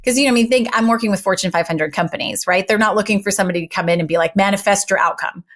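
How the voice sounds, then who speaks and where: A middle-aged woman, a former news anchor turned speaking coach, talking in an interview with articulate, emphatic and animated delivery. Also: medium pitch, rapid-fire. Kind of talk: conversational interview.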